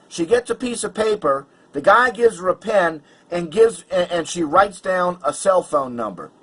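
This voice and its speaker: A man's voice: high-pitched, animated, normal speed, a bit bright, breathy edge, rough recording. A man vlogger telling a personal story in an agitated, emphatic way, stumbling over restarts. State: angry and worked up.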